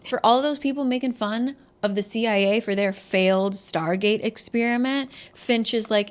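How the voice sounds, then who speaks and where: A woman's voice: a little high, normal speed, few pauses, clear, resonant tone. A woman in her twenties recapping a thriller in casual chat, sarcastic and swearing, with lots of "like". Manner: sarcastic, swears, laughs at the plot; chatty, full of "like". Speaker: book vlogger.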